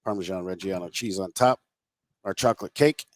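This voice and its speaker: A man's voice: low-pitched, brisk, a little mellow, dry recording. A man working as a restaurant chef, explaining dishes in a friendly, hesitant way with many fillers.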